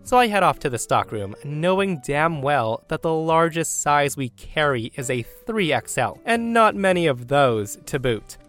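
A man's voice: a little high, sing-song, measured pace, few pauses, fairly bright tone, faint music behind. A young man in his twenties reading a story aloud, with sarcastic, wry asides. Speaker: story narrator.

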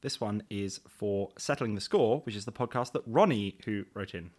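A man's voice: fairly low pitch, normal speed, darkish tone, faint music behind. A man co-hosting a history podcast in casual chat, dry and understated. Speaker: podcast host.

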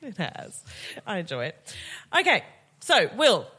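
A woman's voice: mid-range voice, huge pitch swings, a little slow, bright, forceful tone, husky, long reverb tail. A woman hosting a podcast in casual chat, playful, bubbly and joking. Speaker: podcast host.

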